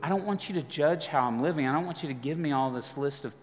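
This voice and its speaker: A man preaching a guest sermon, telling a personal story in a conversational way that swings from lively to hushed. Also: a little high, quick pace. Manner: conversational, animated storytelling with dramatic drops to quiet. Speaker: guest pastor. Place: church auditorium with live music behind. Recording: live church hall reverb with music.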